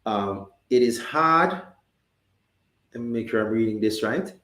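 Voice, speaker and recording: A man's voice: fairly low pitch, lively intonation, a little slow, pushed and bright, reverberant. Jamaican man hosting a live talk show. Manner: conversational, reads viewer comments, many restarts and fillers.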